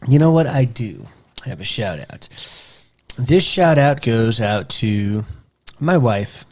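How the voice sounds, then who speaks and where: A man in a relaxed podcast conversation, chatting casually over a scotch tasting. He tells his stories with animated energy and rambles with restarts as he goes. His pitch sits in an ordinary middle range. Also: slow. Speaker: podcast co-host.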